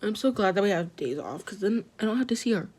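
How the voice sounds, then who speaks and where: A woman's voice: mid-range voice, quick pace, husky. Teenage girl retelling school drama. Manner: animated, dramatic retelling full of "I was like". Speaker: student. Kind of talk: casual storytelling to camera.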